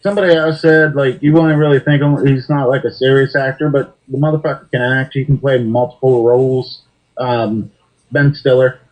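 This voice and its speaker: A man with a mid-range voice co-hosts a casual podcast chat. He talks in a relaxed way and swears freely. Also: mid-range voice, normal speed, poor audio. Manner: laid-back, profane.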